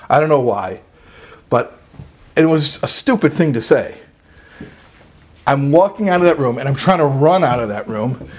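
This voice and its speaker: A man telling a personal story in a sermon, animated and emphatic, sometimes dropping low and quiet for serious points. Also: husky. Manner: animated, jumps to high emphatic peaks. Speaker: religious speaker.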